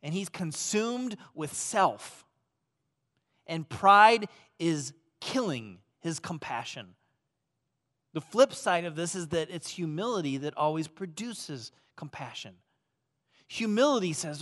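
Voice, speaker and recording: A man preaching a sermon as pastor, swinging between loud emphasis and hushed, soft passages. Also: a little high, animated, unhurried. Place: church auditorium.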